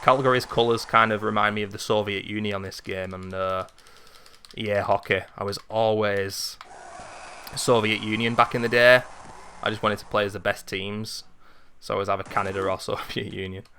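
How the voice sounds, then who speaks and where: A man in his thirties giving casual play-by-play of a retro hockey video game, chatty and wandering, jumping into excited calls. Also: fairly low pitch, normal speed, a little hiss or hum. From Britain. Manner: chatty, drifts into memories, rises into excited calls at goals. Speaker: gaming video host.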